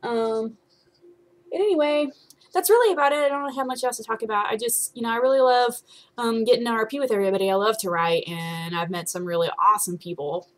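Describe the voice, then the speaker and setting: A woman's voice: a little high, fast talker. A young woman chatting casually to her followers at home, rambling with many ums and swearing offhandedly. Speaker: vlogger.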